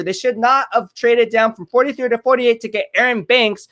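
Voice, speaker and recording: Man, high voice, live football stream host, excitable, hypes his calls, home streaming mic. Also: moderate pace, hardly any pauses. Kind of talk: live football watch-party commentary.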